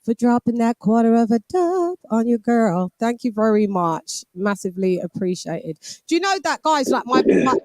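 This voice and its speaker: A woman's voice: on the high side, sing-song, moderate pace, few pauses, darkish tone. A British woman in her forties hosting a boxing live stream, chatting casually and laughing while reading out viewer messages. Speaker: boxing show host.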